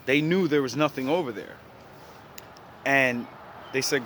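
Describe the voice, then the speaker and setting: A man's voice: mid-range voice, measured pace, long pauses, noisy background. A man casually retelling an old story in his own words, blunt and full of profanity and slang.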